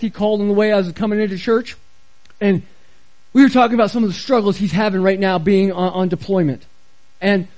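Middle-aged pastor guy preaching, pretty high voice, earnest, punches his questions. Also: a little mellow, rough recording. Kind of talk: sermon. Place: church.

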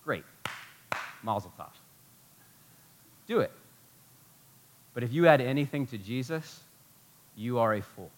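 A man preaching a sermon as pastor, animated and emphatic, full of rhetorical questions. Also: mid-range voice, unhurried, long pauses, a little hiss or hum.

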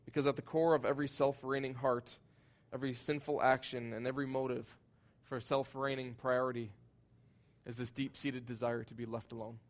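A man preaching a sermon, earnest and emphatic, his voice swelling loud at high points and sinking soft and low at others. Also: level tone, a little fast. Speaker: pastor.

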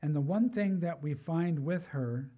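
A man's voice: fairly high pitch, a little slow, narrow, tinny audio. An older man preaching a sermon in a conversational way, with personal asides. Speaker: pastor.

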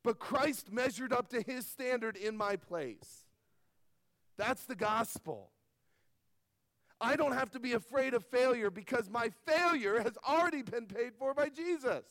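Middle-aged guy preaching, high voice, punchy then soft, dry sound. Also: a little slow, dry recording. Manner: emphatic preaching that swings between loud stresses and soft asides. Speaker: pastor. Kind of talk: sermon.

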